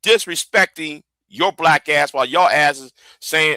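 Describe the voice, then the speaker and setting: A man's voice: a little high, very animated, a little slow, few pauses, sharp tone, no echo. A man hosting a livestream, ranting angrily and profanely, often repeating himself and stumbling over words. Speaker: livestream host. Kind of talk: heated livestream rant.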